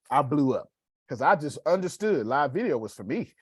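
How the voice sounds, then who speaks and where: A man giving a casual, preacherly motivational talk on live video, swinging between loud bursts and hushed asides. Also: fairly high pitch, big pitch swings, normal speed, husky, no room sound.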